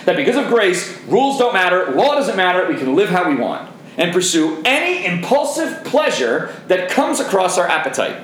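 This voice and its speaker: Emphatic preacher with a lively voice. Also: male voice, high-pitched, reverberant, a little hiss or hum, low-quality recording. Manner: emphatic, repeats key phrases, addresses the congregation directly. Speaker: pastor. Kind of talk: sermon.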